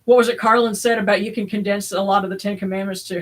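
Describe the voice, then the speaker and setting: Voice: mid-range voice, fairly even intonation, fast, low-quality recording. Host rambling on a live stream, lots of ums and restarts, casual and easygoing. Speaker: host of a religious livestream service. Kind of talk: casual livestream chat.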